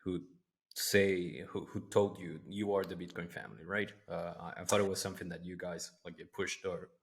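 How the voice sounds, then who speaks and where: Deep-voiced man asking haltingly. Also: steady tone, creaky. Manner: hesitant, searching for words. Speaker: host. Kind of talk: interview question.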